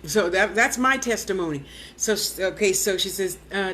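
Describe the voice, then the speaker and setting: A woman's voice: medium pitch, normal speed, slight background noise. Chatty woman telling a spiritual testimony. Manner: animated, acts out quoted voices and drops to a whisper; chatty, with frequent "you know" asides. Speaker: vlogger and spiritual teacher. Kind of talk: casual storytelling testimony.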